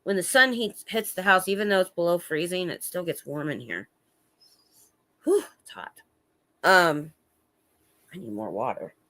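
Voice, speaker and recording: A middle-aged woman hosts a rambling, casual livestream from home, chatting and answering viewers' comments as she goes, often trailing off and starting over. Her voice is on the low side, expressive, bright and forceful, at a moderate pace.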